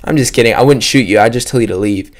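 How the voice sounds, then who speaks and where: A man's voice: medium pitch, fast. A young man hosting a solo podcast, rambling and joking with lots of profanity. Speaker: podcast host. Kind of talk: casual solo podcast rant. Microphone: podcast microphone.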